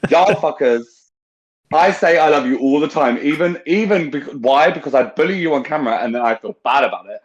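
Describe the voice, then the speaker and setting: A man's voice: a little high, brisk. Emotional, swearing man on a lo-fi call. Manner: emotional, teasing, swears freely. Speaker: podcast host. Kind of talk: casual chat on a video call.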